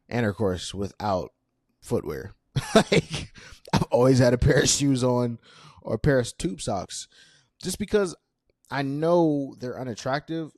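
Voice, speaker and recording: A man's voice: mid-range voice, darkish tone, dry recording, studio quality. A young man in his twenties hosting a casual solo podcast, chatty and self-deprecating with lots of fillers. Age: 20s. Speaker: podcast host.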